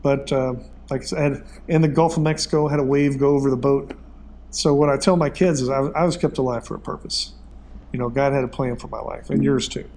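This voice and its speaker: A man's voice: medium pitch, fairly even intonation, fairly quick, a little mellow. Folksy man in his fifties. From Texas. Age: 50s. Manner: rambling, folksy storytelling with many fillers. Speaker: interview guest. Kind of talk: casual conversation.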